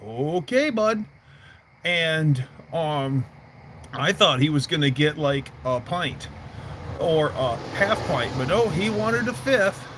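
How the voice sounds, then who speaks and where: A man's voice: a little high, expressive, takes it slowly, a bit bright, slight background noise. A man hosting a casual livestream from outdoors by his garage, telling rambling stories full of fillers. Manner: rambling storyteller, many fillers. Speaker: livestream host. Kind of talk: casual chat.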